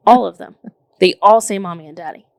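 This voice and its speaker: A woman in her thirties chatting casually on a podcast, telling stories in an animated way with lots of "like" and "literally", swearing now and then. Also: medium pitch, fairly quick, gravelly, dry recording. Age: 30s. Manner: animated, filler-heavy storytelling with frequent "like" and "literally". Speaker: podcast co-host. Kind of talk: casual chat.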